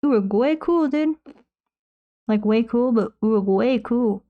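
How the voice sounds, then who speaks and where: The audio sounds phone-quality, carrying a fairly high-pitched woman's voice at a measured pace. A young woman painting on stream chats into a close desk mic, reading viewer messages aloud and answering with rambling, self-mocking remarks.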